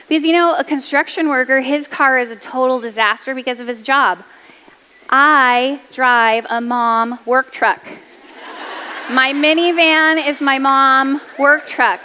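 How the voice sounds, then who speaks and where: A woman's voice: high-pitched, steady tone, measured pace, bright, forceful tone, in a large hall. A woman around forty giving an upbeat motivational talk to mothers, chatty and self-deprecating, laughing easily. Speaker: speaker addressing mothers.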